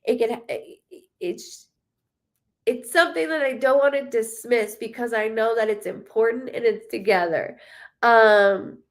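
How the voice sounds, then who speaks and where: The speaker is a psychic medium, a woman relaying spirit messages at a live reading in a rambling, emotional way packed with fillers. Her voice is slightly high and her pace relaxed.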